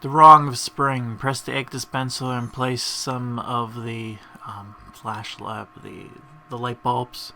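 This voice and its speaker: Dude rambling over a game, bright voice, keeps chuckling and going off topic. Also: male voice, medium pitch, little pitch movement, takes it slowly, few pauses, faint music behind. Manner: rambling, chuckling between tangents. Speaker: gamer. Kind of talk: casual gameplay commentary.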